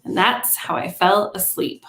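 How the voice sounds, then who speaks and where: A woman teacher reads a children's novel aloud in a calm, measured voice with a light gravelly texture. The recording sounds roomy, with a noticeable echo around her. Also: mid-range voice.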